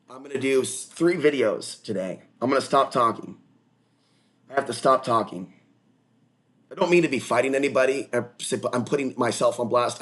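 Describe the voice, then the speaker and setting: A man talks straight to his livestream viewers in an erratic, rambling monologue. He jumps from one topic to the next, his voice sitting at an ordinary middle pitch, and now and then he flares up into loud outbursts. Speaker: livestream host.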